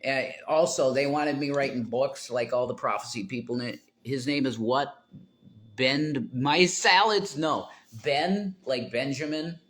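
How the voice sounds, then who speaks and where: A man's voice: medium pitch, moderate pace, few pauses. A man talking to viewers on his livestream in a rambling, tangent-prone way, breaking into emphatic outbursts.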